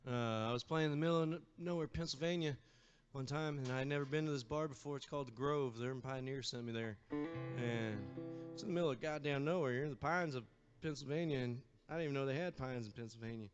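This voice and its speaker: A man's voice: medium pitch, fast talker. Guy with a guitar cussing his way through a story on a bar stage, kinda muffled livestream audio, faint guitar behind. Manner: loose, swearing, laid-back storyteller. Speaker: singer-guitarist at a bar gig. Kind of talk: profane on-stage storytelling between songs. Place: bar stage, live show. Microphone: stage vocal microphone. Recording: slightly dull live-stream sound with guitar.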